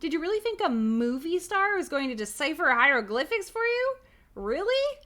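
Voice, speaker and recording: A woman's voice: fairly low pitch, expressive, moderate pace, bright, forceful tone. A woman doing a comic impression of a cocky male action movie star who sneers and gloats. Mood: mocking.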